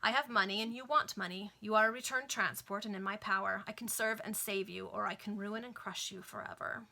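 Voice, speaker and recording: A woman reading aloud the lines of a scheming male villain, speaking in a calm, measured, threatening way. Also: medium pitch, vocal fry. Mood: cold.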